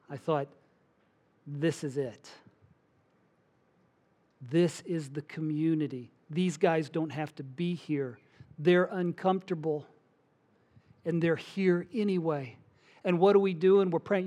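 A middle-aged man preaching from the pulpit, telling stories and acting out the voices of the people in them. His voice sits a little high for a man, and he preaches with an animated, conversational delivery. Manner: animated storytelling, acts out voices. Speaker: pastor. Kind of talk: sermon.

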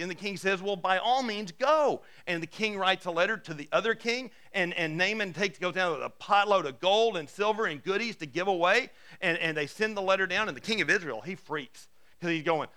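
In an expressive, sharp-toned voice at normal speed, a male pastor delivers a sermon that recounts a Bible story casually, voicing the characters' lines himself. For the final appeal, his voice drops lower.

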